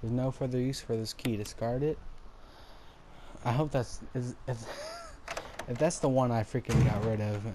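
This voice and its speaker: A man's voice: medium pitch, normal speed. A young man giving casual let's-play commentary, exasperated, swearing and laughing at his own mistakes, recorded late at night at home. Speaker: gameplay commentator. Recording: steady background noise.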